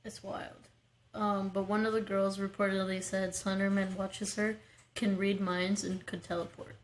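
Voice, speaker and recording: A woman's voice: medium pitch, flat delivery, moderate pace, a little hiss or hum, low-quality recording. Casual woman co-host reading a case. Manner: reads notes with joking asides. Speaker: podcast co-host. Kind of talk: casual chat, reading out a true-crime case.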